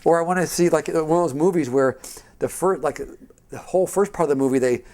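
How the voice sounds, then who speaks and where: A man's voice: a little high, a little fast. A middle-aged man teaching a Christian seminar in an informal, rambling way, telling stories and acting out the quotes in a raised voice. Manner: animated storyteller who acts out quotes in a raised voice; rambling and conversational, with frequent restarts.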